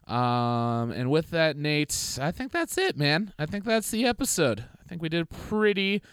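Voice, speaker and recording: Casting: smooth-voiced male comedy co-host, crude and rambling, dry close sound. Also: fairly high pitch, big pitch swings, measured pace, a bit bright, no room sound. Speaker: podcast co-host. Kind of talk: casual comedic chat.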